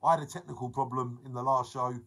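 Tell it bright, man, upbeat chatter. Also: mid-range voice, little pitch movement, fast talker, husky, low-quality recording. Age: 40s. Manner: chatty, jokey, reads out viewer names. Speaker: live-stream vlogger. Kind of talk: casual live-stream chat.

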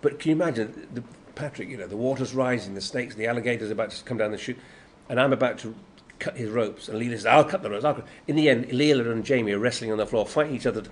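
A man's voice: mid-range voice, quick pace, few pauses. An older man with a Yorkshire accent, an actor telling anecdotes in an interview, acting out the quotes and laughing often. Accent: Yorkshire English. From Yorkshire, England. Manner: lively storyteller, acts out quotes, laughs often. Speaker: guest actor. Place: convention room. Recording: noisy convention room.

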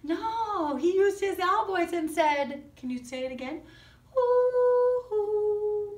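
A woman's voice: extremely high pitch, lively intonation, measured pace. A woman teaching a kindergarten music class with puppets, coaxing children with sing-song questions. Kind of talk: online music lesson with puppets. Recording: roomy sound from a distant mic.

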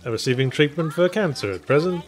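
A man with a British accent co-hosting a casual chat over gameplay, making dry, deadpan jokes. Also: fairly high pitch, a little fast. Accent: British English. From England. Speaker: co-host.

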